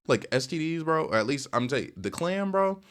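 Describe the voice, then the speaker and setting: A young man casually telling a storytime rant, rambling with lots of filler words and sudden jumps in pitch. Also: very animated, brisk, fairly bright tone. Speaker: storytelling vlogger.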